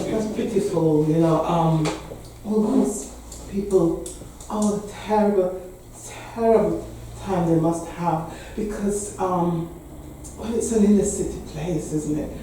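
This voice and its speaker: A woman in her sixties with an English accent, a parish priest, gives a candid, wry talk to a meeting, laughing often. Her voice is lowish, slow and warm, recorded in an echoey hall from a distance with a little hiss or hum.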